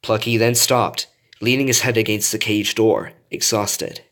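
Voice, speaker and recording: Low-voiced man reading a story aloud. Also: unhurried. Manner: animated narration with character voices. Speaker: story reader.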